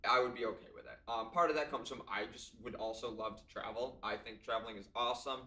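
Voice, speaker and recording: A young man co-hosting a podcast with a bright, clear tone. He chats loosely with lots of fillers and easy jokes. He sits a little back from the mic in a room with plenty of echo. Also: medium pitch, steady tone, quick pace, far from the mic. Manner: chatty, many ums and likes, jokey. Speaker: podcast co-host. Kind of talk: casual chat. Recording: echoey room, voice a bit off-mic.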